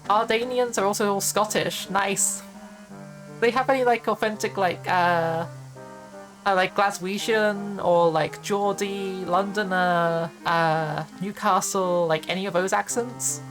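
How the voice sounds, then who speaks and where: A woman's voice: medium pitch, fairly even intonation, slow. Rambling woman streaming a game. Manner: rambling, many fillers and laughs. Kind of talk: casual gaming stream chat. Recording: faint music behind voice.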